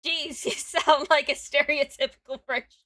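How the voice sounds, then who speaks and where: The host of a casual stream is a woman in her twenties whose high voice is steady, pushed, and bright, delivered at a measured pace with no echo. Giggly by nature, she reads chat aloud and speaks over her guest.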